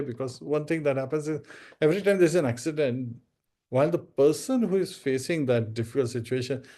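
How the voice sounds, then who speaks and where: Mellow-voiced man telling a devotional parable. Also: medium pitch. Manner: storytelling, addresses listeners as devotees. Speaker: spiritual speaker. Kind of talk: devotional discourse storytelling.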